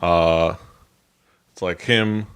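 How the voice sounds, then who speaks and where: A man's voice: low-pitched, fairly even intonation, drawn-out words, fairly bright tone, clean tone. A man co-hosting a music podcast, talking casually and rambling with many fillers and restarts. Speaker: podcast co-host. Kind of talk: casual chat about music.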